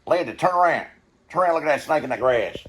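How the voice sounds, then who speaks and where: A man's voice: a little high, lively intonation, quick pace, a crowd in the background. A man giving rambling, folksy commentary while watching a film, swearing casually and repeating himself. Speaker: vlogger.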